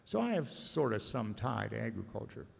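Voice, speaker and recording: A man's voice: mid-range voice, sing-song, moderate pace, creaky, breathy edge. A man, an agricultural lawyer, giving a blunt, combative, sardonic conference speech to a room of listeners. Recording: reverberant conference hall.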